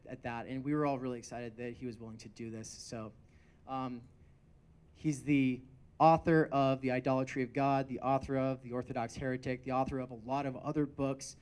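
A man's voice: mid-range voice, darkish tone, clean tone. A man introducing a guest speaker at an event, talking in a loose, casual way with many fillers and restarts.

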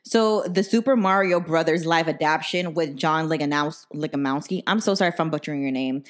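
A woman's voice: low-pitched, brisk. A young woman hosting a podcast, telling stories in a blunt, profane, casual way full of "like". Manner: profane, blunt storytelling with lots of "like". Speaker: podcast host. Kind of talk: casual chat.

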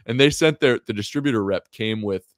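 Animated man in his thirties, dry sound. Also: mid-range voice, fairly quick, no echo. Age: 30s. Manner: animated, lively storyteller who acts out other people's lines and laughs often. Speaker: whiskey brand founder, podcast guest. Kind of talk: casual storytelling on a podcast.

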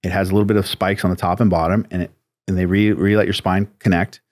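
A man's voice: low-pitched, flat delivery, fast talker, a little mellow, dry recording. A man, a tattoo artist from the United States, telling a long story in a casual, rambling interview manner with many fillers. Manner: laid-back, rambling, lots of "like" and "you know".

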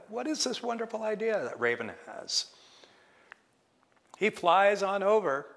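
A man telling traditional stories at a lecture, slow and deliberate with many pauses. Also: a little high, creaky, a bit bright. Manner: slow, deliberate, pausing often. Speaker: traditional storyteller. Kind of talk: traditional oral storytelling at a lecture. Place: lecture hall. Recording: long reverb of a lecture hall.

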